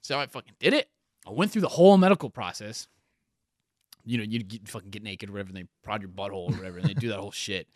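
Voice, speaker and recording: A young man casually telling stories as a podcast guest, animated and swearing often. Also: lowish voice, very fast, no room sound, studio quality. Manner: swears a lot, animated, laughs through stories. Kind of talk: casual storytelling chat.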